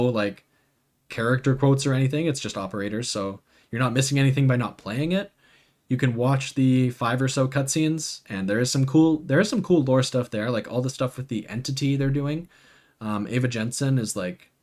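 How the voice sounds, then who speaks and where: A man on a live stream talks loosely and thinks out loud, with plenty of fillers and restarts. He keeps breaking off to answer viewers by name, and his voice sits at an ordinary middle pitch. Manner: rambling, full of "like" and restarts. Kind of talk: casual livestream commentary.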